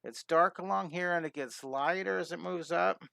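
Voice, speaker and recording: Middle-aged male art teacher on a live stream, chatty and eager, bright tone, dry close sound. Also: high voice, gravelly, no room sound. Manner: enthusiastic, chatty, greets viewers, quick cat sound effects. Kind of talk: live-streamed drawing lesson.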